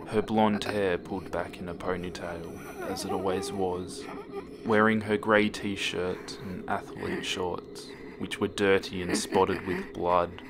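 Male narrator for a horror story, very low and unhurried, hushed delivery over a clear music bed. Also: flat delivery, noisy background. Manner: slow, hushed, dropping to near whispers.

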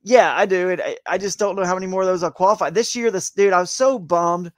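A man's voice: high voice, fast, no echo. A man chatting as a guest on a live interview show, rambling and upbeat, saying "man" and "dude" a lot. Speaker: guest, tournament kayak angler.

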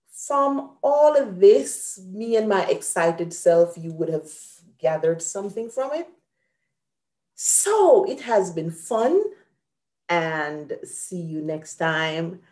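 Slow, mellow-voiced woman teaching grammar. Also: mid-range voice, echoey room. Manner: patient, explains step by step, lively on examples. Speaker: host and teacher. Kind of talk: online grammar lesson.

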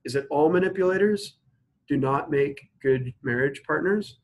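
A man's voice: fairly high pitch, low-quality recording. Man talking through logic problems step by step. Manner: explains step by step, asks students to pause and think; slows to spell out examples word by word. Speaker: instructor. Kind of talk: recorded logic lecture.

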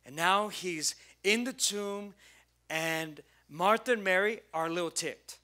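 A man preaches a sermon with a high, ringing voice. He tells the story with drama and acts out its people. He swings between loud, emphatic lines and quiet, hushed ones. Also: unhurried. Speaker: pastor.

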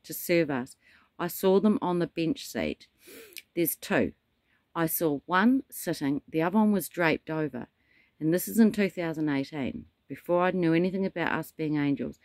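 A man's voice: fairly high pitch, moderate pace, no room sound, clean studio sound. A man delivering a rambling spiritual monologue, telling stories with dramatic asides. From New Zealand. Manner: meandering storyteller, dramatic asides. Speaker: self-styled prophet.

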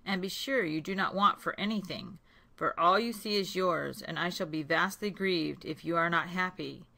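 A woman voicing a gentle, lonely male beast in a storybook read-aloud, speaking earnestly and louder than her narration. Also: on the low side, moderate pace, vocal fry, heavily acted. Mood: humble.

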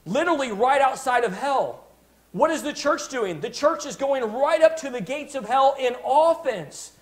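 A man's voice: extremely high pitch, animated, normal speed. A man preaching a sermon as pastor, emphatic, stopping to restart phrases and asking his congregation "Amen?".

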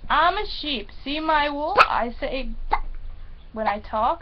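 A woman reading a picture book aloud to a small child in a sing-song way, pausing so the child can supply the animal sounds. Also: high voice, expressive. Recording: dull lo-fi home recording.

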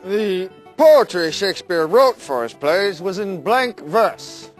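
A man with a notably high voice narrates an educational lesson in a measured, explanatory way. His pitch moves a lot, and soft music runs underneath. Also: expressive.

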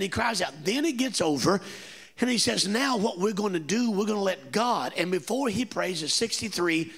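A man's voice: sits high, vocal fry, fairly bright tone, breathy edge. A man preaching a sermon in a church, folksy and joking, rising to emphatic stretches as he retells the story. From Kentucky. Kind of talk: Pentecostal-style sermon. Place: church sanctuary.

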